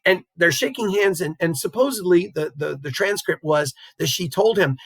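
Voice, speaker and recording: A man's voice: high-pitched, normal speed, creaky, few pauses, no echo. A man teaching a recorded geography lecture in a conversational way, often checking in with "right?" and chuckling as he explains. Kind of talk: recorded classroom lecture over slides.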